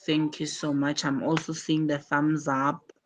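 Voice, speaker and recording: Slow, low-voiced woman teaching online. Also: little pitch movement, a crowd in the background. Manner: patient, explains through repeated examples. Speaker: English teacher. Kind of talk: live online class teaching.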